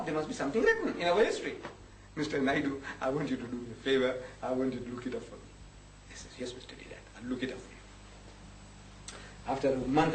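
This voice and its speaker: Brief: high-voiced, lively male lecturer, acts out dialogue, chuckles often; distant mic in an echoey hall. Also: a little hiss or hum. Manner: animated storyteller who acts out both sides of conversations; chuckles often while speaking. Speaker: speaker giving a talk. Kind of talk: storytelling lecture to a live audience.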